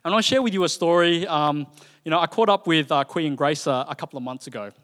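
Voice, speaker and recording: A man's voice: on the high side, fast. Man preaching in a reverberant hall. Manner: conversational, animated storytelling with frequent fillers. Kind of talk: sermon. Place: church hall.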